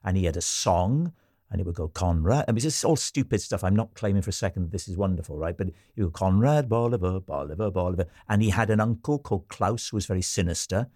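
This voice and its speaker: A man from Wales hosting a podcast, telling stories in an animated, chatty way. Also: deep voice, fast talker, breathy edge, no room sound, studio quality. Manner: chatty, animated storyteller, trails off and restarts. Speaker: podcast host. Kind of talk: casual chat.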